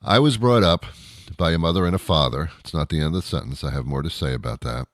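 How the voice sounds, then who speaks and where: A man's voice: a bass voice, quick pace, no room sound, clean studio sound. A middle-aged man from Canada hosting a talk show, ranting in disbelief and mocking people with imitations. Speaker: radio show host. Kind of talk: solo talk show monologue.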